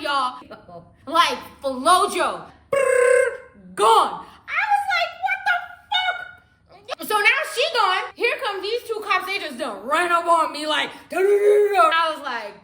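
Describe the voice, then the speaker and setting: Her voice is very high as this young woman shares a wild personal tale on her storytime vlog, alternating between hushed and loud and laughing frequently. The sound is roomy.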